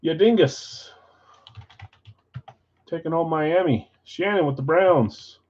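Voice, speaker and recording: A man's voice: fairly high pitch, takes it slowly, a little mellow. Guy running a live card break, calling names n teams, chatty, kinda muffled audio.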